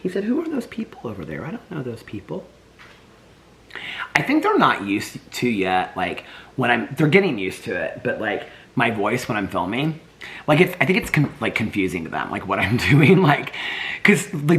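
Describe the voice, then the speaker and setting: A man's voice: fairly low pitch, huge pitch swings, normal speed, a bit bright, a little hiss or hum. Doting man chatting to his dogs. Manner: doting baby talk to his dogs, rambling asides. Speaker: vlogger. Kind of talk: casual daily vlog. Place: home, indoors.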